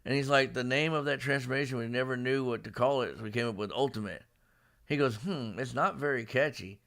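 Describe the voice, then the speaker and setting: A man hosting a casual live-streamed manga discussion, retelling scenes with lively put-on character lines and frequent laughs. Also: medium pitch, fairly quick, creaky. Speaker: podcast host. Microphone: live stream microphone.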